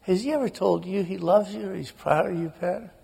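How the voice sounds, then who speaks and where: A woman's voice: mid-range voice, brisk, gravelly, warm tone, slightly rough, pitched above the performer's own voice, heavily acted. A man putting on the voice of a distraught grown daughter who screams and pleads with her dying father. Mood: tearful pleading. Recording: long hall reverb.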